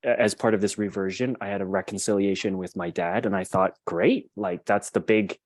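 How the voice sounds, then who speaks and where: A man's voice: low-pitched, fairly even intonation, fairly quick, dry recording. A young adult man guesting on a podcast, earnestly telling a personal story and often restarting his sentences. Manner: earnest and reflective, with frequent restarts.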